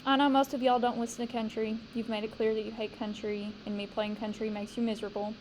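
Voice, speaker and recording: A woman teacher leading a poetry discussion with a class, talking slowly and emphatically and asking the students questions. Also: fairly high pitch, flat delivery, darkish tone, a little hiss or hum, poor audio.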